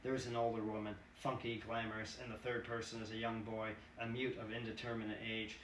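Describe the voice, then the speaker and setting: A man's voice: on the low side, little pitch movement, a little fast, fairly bright tone. A man reading a screenplay aloud with casual, profane asides. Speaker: reader. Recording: roomy, distant mic, faint hiss.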